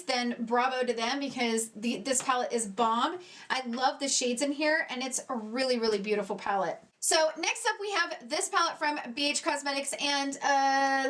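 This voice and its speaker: A high-pitched woman chatting through a casual makeup review. She gushes over what she loves, drops casual curses and laughs at herself when things go wrong. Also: fairly bright tone. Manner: chatty, gushing, swears casually, self-mocking. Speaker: beauty vlogger. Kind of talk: casual product review chat.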